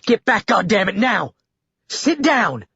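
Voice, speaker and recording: Male reader playing a fierce armed woman, high and shouting, husky, dull lo-fi. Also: very animated, takes it slowly, no room sound, full character voice. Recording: dull lo-fi dry recording.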